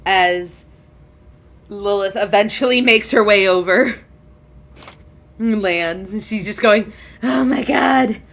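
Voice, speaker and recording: A woman's voice: medium pitch, slow pace, long pauses, a bit bright. A woman narrating as game master in a chatty way, laughing often.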